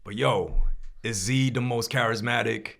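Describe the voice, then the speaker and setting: A man's voice: mid-range voice, a little slow, gravelly, a bit bright. A man hosting a casual podcast chat, laid-back and slangy, laughing easily.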